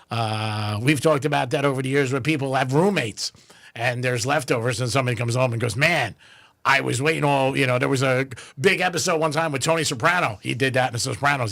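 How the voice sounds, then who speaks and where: A man's voice: medium pitch, fairly bright tone. A man hosting a radio show in loose casual chat, rambling with lots of fillers. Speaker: radio host.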